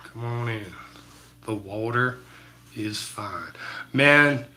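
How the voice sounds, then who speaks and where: A man's voice: mid-range voice, takes it slowly, pushed and bright. A man chatting casually with his live-stream chat while he paints, laid-back and full of slang. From Utah. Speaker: livestreaming painter.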